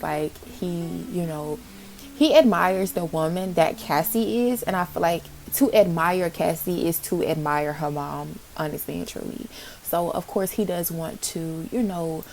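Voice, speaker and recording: A woman, excitedly narrating her life-sim game story in casual commentary and talking straight to her viewers. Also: lowish voice, vocal fry. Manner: chatty, excitable, addresses viewers as y'all. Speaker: Sims gameplay narrator.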